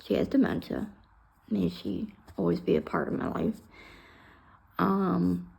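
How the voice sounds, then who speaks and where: A woman's voice: fairly low pitch, big pitch swings, unhurried, vocal fry, long pauses, darkish tone, poor audio. A woman casually telling a personal story on her vlog, blunt and heated, swearing freely and sometimes dropping almost to a whisper.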